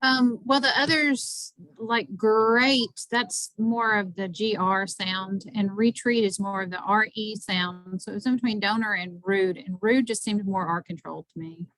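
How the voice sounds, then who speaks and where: A woman's voice: mid-range voice, unhurried, hardly any pauses, fairly bright tone, dry recording, low-quality recording. A woman student on a video call reasoning aloud step by step through her answer. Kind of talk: answering in online class.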